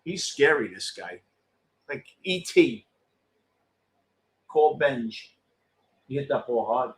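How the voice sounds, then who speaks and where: A middle-aged man hosts a postgame show, talking casually to viewers and reacting bluntly and excitably to a live game, swearing freely. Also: medium pitch, takes it slowly.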